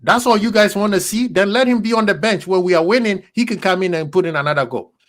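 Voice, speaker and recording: A man's voice: sits high, fast talker, a bit bright. A man hosting a heated fan debate on football, blunt and emphatic, hammering his points home. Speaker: football podcast host.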